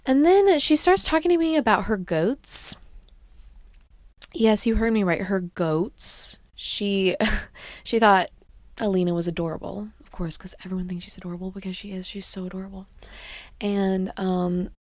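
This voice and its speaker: A woman's voice: mid-range voice, steady tone, unhurried, no echo. A young woman hosting a podcast, rambling through a chatty story in a casual way. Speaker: podcast host. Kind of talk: casual chat.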